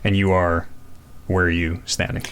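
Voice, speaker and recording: A man running a tabletop game as dungeon master, explaining rules in a halting way with frequent restarts. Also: low-pitched, flat delivery, fairly bright tone, clear, resonant tone. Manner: halting, lots of uhs and restarts.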